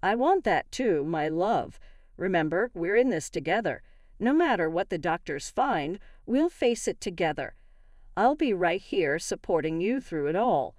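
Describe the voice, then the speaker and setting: A woman reading the lines of a loving, reassuring young husband in a calm, soothing way. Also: fairly low pitch, measured pace, no room sound, clean studio sound.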